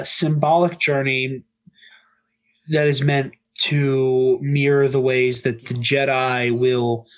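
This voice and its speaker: A man co-hosting a podcast, chatting in a loose, upbeat way full of "um"s and restarts. His voice sits mid-range and comes through a slightly dull, lo-fi recording. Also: medium pitch. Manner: upbeat, rambling with many fillers. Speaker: podcast co-host. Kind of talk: casual podcast chat.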